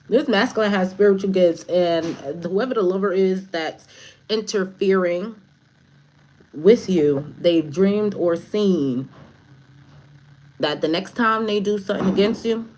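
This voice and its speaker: Woman, slightly low voice, spiritual advisor type, casual livestream tarot reader, blunt and preachy. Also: a little mellow, slight background noise. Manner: blunt, profane, emphatic; preachy, repeats phrases for stress.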